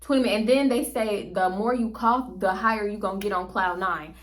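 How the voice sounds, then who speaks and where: A woman telling a story to her viewers in a casual, slangy way, animated and laughing often. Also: mid-range voice, a little fast.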